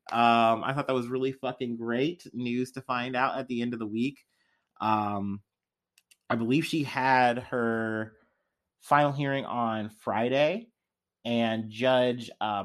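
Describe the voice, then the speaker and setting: Rambling young man hosting a podcast. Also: medium pitch. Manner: loose and rambling, heavy fillers, swearing. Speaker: podcast host. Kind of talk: casual solo podcast chat.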